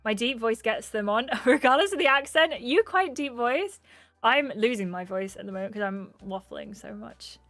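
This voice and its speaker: Young english woman on a gaming stream, bubbly and chatty, slightly high voice, dry close mic, faint music under her. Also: expressive, fairly bright tone, no room sound. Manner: bubbly and chatty, quick laughs and gasps. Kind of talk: casual livestream chat, reading out viewer comments.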